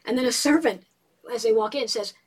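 Animated woman storyteller, book chat co-host, husky and a touch high. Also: a little fast. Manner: animated storyteller, reads passages aloud. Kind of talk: casual book discussion.

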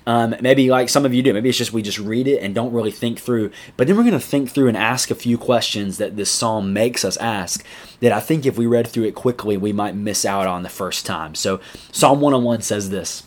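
A young man, a high school youth pastor giving a casual, chatty podcast devotional, saying "man" often. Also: moderate pace, darkish tone. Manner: laid-back, chatty, says "man" a lot.

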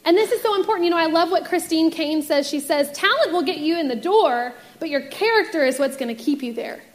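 A woman's voice: extremely high pitch, brisk. A young adult woman and youth pastor giving a casual sermon, telling a personal story and acting out the voices in it. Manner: animated storytelling, acts out voices in quotes.

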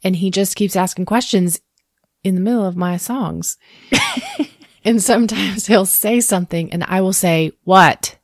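A woman in her thirties talking candidly about parenting and therapy in a relaxed podcast chat, reflective and quick to laugh. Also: mid-range voice, no room sound, clean studio sound. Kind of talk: casual podcast conversation.

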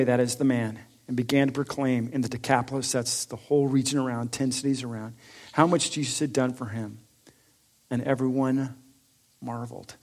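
A man preaching a sermon, reading scripture aloud with rising force and then explaining it in a lower, conversational tone. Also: a little mellow. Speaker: pastor.

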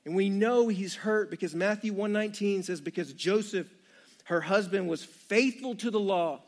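High-voiced, animated young preacher man. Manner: animated storytelling, jokey asides to the congregation. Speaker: pastor. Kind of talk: sermon.

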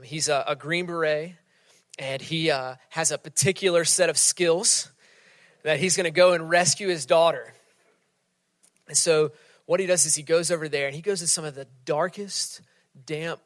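A man's voice: a little high, steady tone, normal speed, no room sound. Conversational male preacher, dry sound. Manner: conversational preaching, drops to soft near-whisper for emphasis. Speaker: pastor. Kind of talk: sermon.

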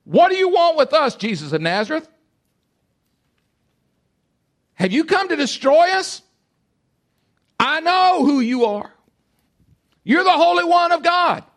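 A man giving voice to a demon crying out through a possessed man, pushing his voice high and loud. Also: big pitch swings, measured pace, long pauses, exaggerated voice. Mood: accusing. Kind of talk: preacher reading scripture dramatically.

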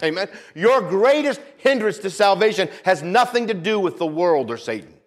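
A man preaching a sermon with emphasis, repeating phrases, dropping low and quiet for weight, and calling out for the congregation's amens. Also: very animated, normal speed. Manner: emphatic, repeats phrases, calls for "Amen?" responses.

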